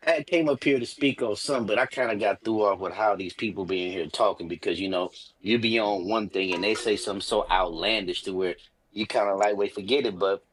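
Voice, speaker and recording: Bay area dude calling in, lowish voice, loose and rambling. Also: male voice, brisk, slight background noise, rough recording. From San Francisco Bay Area. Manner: laid-back and rambling, full of shout-outs. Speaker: caller. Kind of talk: casual call-in chat.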